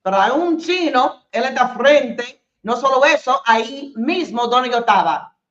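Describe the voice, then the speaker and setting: A woman host telling an animated story in casual chat, swearing casually and dropping into Spanish as she goes. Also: high voice, normal speed, roomy sound, lo-fi sound.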